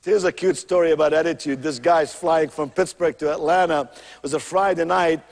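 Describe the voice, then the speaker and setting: Gravelly, high-pitched motivational speaker. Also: male voice, steady tone, moderate pace, big-room sound. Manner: emphatic, theatrical storytelling with rhythmic repetition. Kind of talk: motivational keynote with anecdotes.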